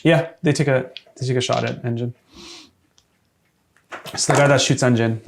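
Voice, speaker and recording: A man running a tabletop game as game master, hesitant with many fillers and quick to laugh. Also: medium pitch, steady tone, creaky, noisy background.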